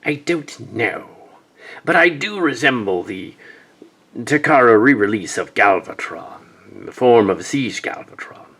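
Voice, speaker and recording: A young man improvising deadpan voice acting for a fan-film parody, with muttered asides. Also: mid-range voice, a little slow, slightly rough.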